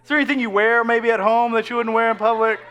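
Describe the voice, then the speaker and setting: A man's voice: very high-pitched, fairly even intonation, quick pace, a bit bright, clean tone. A man in his thirties preaching a casual, joking sermon full of asides to the congregation. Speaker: pastor. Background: faint crowd.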